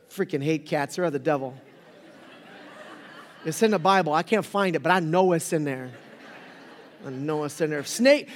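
High-voiced joking pastor in a reverberant hall. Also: male voice. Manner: joking, rambling, animated storytelling. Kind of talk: casual humorous sermon. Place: church sanctuary. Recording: long reverb of a church hall.

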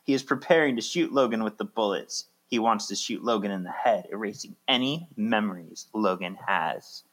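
A man's voice: lowish voice, moderate pace, a bit bright. A man co-hosting a casual movie podcast, chatting and reading plot recaps aloud, laughing often. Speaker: podcast co-host.

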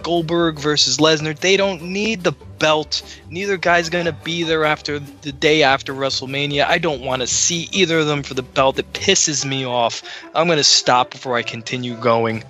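A man's voice: on the high side, fairly even intonation, moderate pace, few pauses, bright, forceful tone, soft background music. A man co-hosting a wrestling podcast in casual chat, rambling and getting heated. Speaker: podcast co-host.

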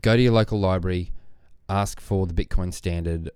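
A man co-hosting a podcast in casual chat, blunt and animated, with casual swearing. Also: deep voice, moderate pace, clean tone, dry recording. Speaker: podcast co-host, librarian.

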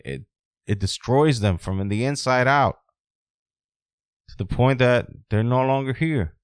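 A man hosting a solo podcast, ranting bluntly with heavy swearing, dropping low and quiet, then rising loud and high. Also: clear, resonant tone, dry recording. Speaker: podcast host.

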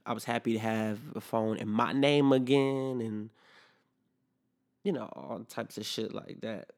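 Gravelly young man ranting casually. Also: lowish voice, a little slow. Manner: animated, profane, acts out both sides of conversations. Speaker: podcast host. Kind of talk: casual storytelling rant.

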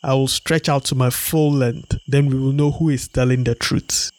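A man's voice: mid-range voice, fairly even intonation, normal speed, natural voice. A man doing a vain giant python. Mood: proud. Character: proud giant male python. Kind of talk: storybook read-aloud.

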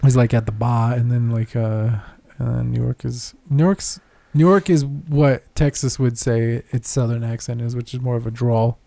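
A man's voice: mid-range voice, fairly even intonation, normal speed, creaky, few pauses, mellow, no room sound. A man co-hosting a podcast, playful and profane, who keeps slipping into jokey voices. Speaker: podcast co-host. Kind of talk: casual podcast chat.

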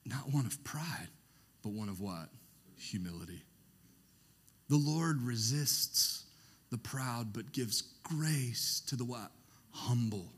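A man preaching a sermon, who often pauses so that the congregation can finish his sentences. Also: mid-range voice, fairly bright tone. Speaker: pastor.

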